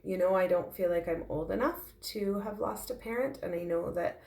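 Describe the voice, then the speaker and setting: A tearful woman speaks in a heartfelt, halting way in a personal confessional vlog. Her voice sits low and has a gravelly edge. The recording sounds roomy and echoey. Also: darkish tone. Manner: heartfelt, halting, with frequent fillers. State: tearful, emotional. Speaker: intuitive medium sharing her grief.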